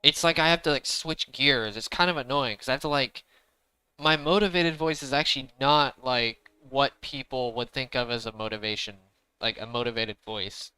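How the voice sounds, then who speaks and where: A young man chatting casually while playing a game, rambling and deliberately speaking up, often saying "to be honest.". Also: medium pitch, fairly even intonation, pushed and bright, clear, resonant tone, no room sound, poor audio. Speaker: gaming streamer. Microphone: desk microphone.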